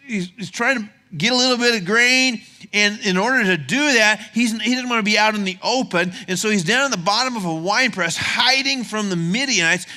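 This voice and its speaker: A man's voice: high voice, bright, forceful tone. A male pastor preaching a sermon in a conversational way, with humorous asides and stumbling restarts.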